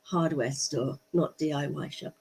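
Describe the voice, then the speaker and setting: A woman's voice: low voice, a little slow, vocal fry, a little mellow, slightly rough, poor audio. Chatty English woman on a walk. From England. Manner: chatty and rambling, talks to viewers. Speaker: vlogger. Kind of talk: casual vlog commentary. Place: outdoors on a walk.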